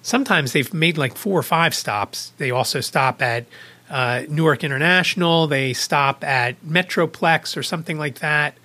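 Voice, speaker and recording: Bright-voiced man telling a casual story. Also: fairly high pitch, moderate pace. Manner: conversational, rambling anecdotes with small restarts. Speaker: podcast host.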